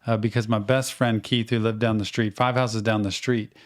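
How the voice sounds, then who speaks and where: A middle-aged man, co-hosting a podcast and telling stories in a casual, animated way. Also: on the low side, moderate pace. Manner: animated storyteller, acts out quoted voices. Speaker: podcast co-host. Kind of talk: casual storytelling.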